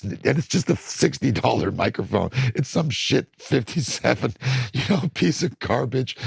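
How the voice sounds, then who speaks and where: An older man, a record producer, talking casually in an interview and telling animated studio stories. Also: low-pitched, moderate pace, no room sound. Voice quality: gravelly. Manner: animated storytelling, acts out studio voices.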